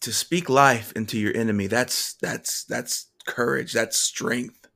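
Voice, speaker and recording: A man of ordinary pitch tells a personal faith testimony. His delivery is earnest and halting, with sentences that stop and start again. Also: steady tone, gravelly, bright, forceful tone. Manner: earnest and halting, with frequent restarts.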